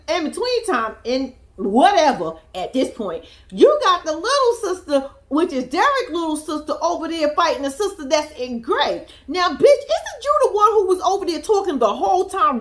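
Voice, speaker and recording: A young woman giving casual, profane, laughing commentary as she recaps a reality TV episode. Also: very high-pitched. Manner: animated, profane, laughing storyteller. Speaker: reality TV reaction vlogger.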